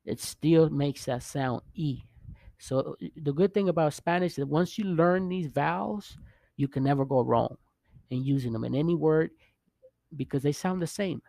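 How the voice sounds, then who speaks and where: A man teaching Spanish vowels in a casual video lesson, pausing often to check in with the viewer. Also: a little high, creaky, mellow, no echo. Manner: halting, restarts often, checks in with "okay?" and "right?".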